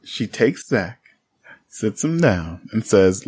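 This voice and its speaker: A man co-hosting a podcast, casually recapping a reality show with animated storytelling. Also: lowish voice, slow pace, slightly rough, no echo, studio quality. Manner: animated storytelling, acts out quotes. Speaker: podcast co-host.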